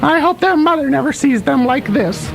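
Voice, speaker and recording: A man playing a stern, officious female library police sergeant in a student radio comedy sketch, speaking deadpan. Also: very high-pitched, normal speed, vocal fry, music in the background, heavily acted.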